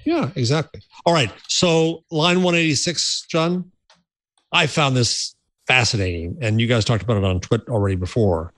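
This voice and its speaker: A podcast co-host on a tech show chats casually at a moderate pace in a mid-range voice, with no room sound on the recording. He tells stories animatedly, often restarting his phrases.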